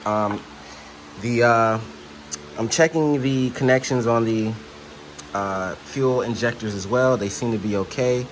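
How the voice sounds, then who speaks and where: Working on a motorcycle for his vlog, a man explains the repair a little slowly in a mid-range voice. He's relaxed and meandering, with plenty of filler words, over a noisy ambient background.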